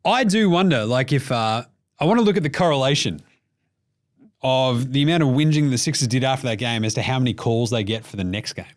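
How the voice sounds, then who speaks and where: A man with an Australian accent hosting a casual sports podcast, jokey and animated, swearing freely. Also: medium pitch, fairly quick. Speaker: podcast host.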